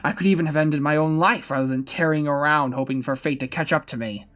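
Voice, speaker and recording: A man voicing a weary old male swordsman who awaits death, speaking in a slow, brooding, resigned way over faint music. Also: on the high side, fairly bright tone, close to an everyday voice. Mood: bitter. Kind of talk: fan voice reading of a game story.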